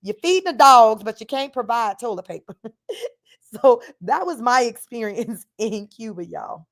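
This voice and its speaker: A woman's voice: on the high side, lively intonation, moderate pace, a bit bright. A woman from Northern California, hosting a casual livestream, reading viewer comments and chatting about her travels, often laughing while she talks and calling her viewers y'all. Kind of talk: casual chat.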